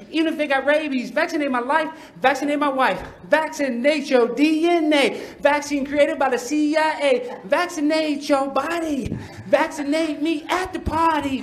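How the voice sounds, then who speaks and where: A man putting on the voice of a cringy female nurse, out of breath and freestyle rapping deliberately badly at a council meeting. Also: fairly high pitch, natural voice. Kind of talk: archival clip.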